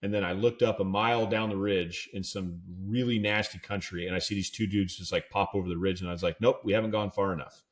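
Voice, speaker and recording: A man's voice: deep voice, fairly even intonation, fast talker, few pauses. A man co-hosting a podcast, telling a casual story and acting out the lines of the people in it. He leans on "dude" and "like" as he talks. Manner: laid-back storyteller who acts out quoted dialogue; peppers his talk with "dude" and "like". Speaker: podcast co-host.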